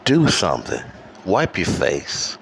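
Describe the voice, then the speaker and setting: A man from Detroit holds forth alone on his podcast in a very low voice, taking his time over every word. His rant is profane and rambling, punctuated by "okay?", and recorded at home with an air conditioner humming faintly behind him. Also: huge pitch swings, slow, vocal fry. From Detroit, USA. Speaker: podcast host. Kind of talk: solo ranting monologue. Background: faint air conditioner hum.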